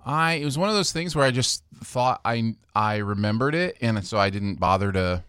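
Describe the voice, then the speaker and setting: A man's voice: on the low side, animated, normal speed, fairly bright tone, clean tone, dry recording, studio quality. A man hosting a podcast in casual chat, chatty and self-deprecating, often laughing. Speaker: podcast host.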